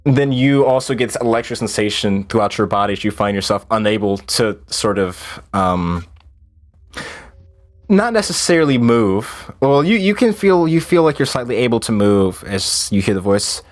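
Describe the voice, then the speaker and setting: Game master, male, animated delivery with a wide pitch swing, playful narrator. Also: moderate pace. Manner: playful, laughs often, describes scenes.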